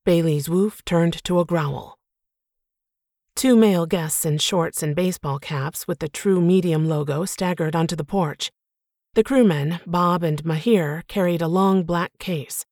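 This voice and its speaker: Brief: woman narrator, low voice with a gravelly edge, dry booth sound. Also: a little mellow, no echo. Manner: measured, reflective storytelling. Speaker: audiobook narrator. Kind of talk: first-person audiobook narration.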